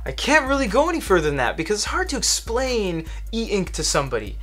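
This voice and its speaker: A man's voice: high voice, wildly swooping pitch, fairly quick, pushed and bright, soft background music. Chatty man reviewing a gadget. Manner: chatty, rambling, with many fillers and restarts. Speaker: tech reviewer. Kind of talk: casual product review.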